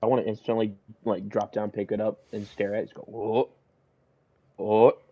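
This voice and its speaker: Excitable man in a muffled recording. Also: fairly low pitch, a little fast. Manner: excitable, jumps into cheerful character lines. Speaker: player. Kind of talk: tabletop role-play, narrating his character.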